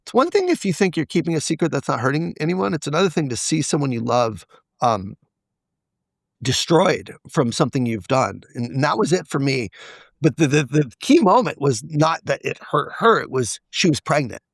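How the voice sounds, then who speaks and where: A man's voice: fairly high pitch, sing-song, moderate pace, gravelly, dry recording. A man as a podcast guest, candidly telling a personal story and acting out the quoted dialogue. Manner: confessional, acts out quoted dialogue.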